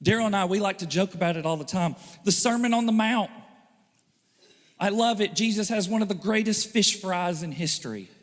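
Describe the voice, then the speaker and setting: Animated preaching man in reverberant church. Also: sits high, a little fast. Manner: animated, joking, acts out quoted voices. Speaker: pastor. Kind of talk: sermon. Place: church hall.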